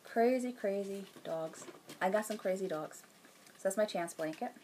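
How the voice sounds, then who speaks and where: A woman's voice: mid-range voice, moderate pace, a little mellow, slight background noise. A woman hosting her own knitting podcast at home, chatting casually to the camera in a rambling way with lots of fillers and restarts. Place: at home, indoors.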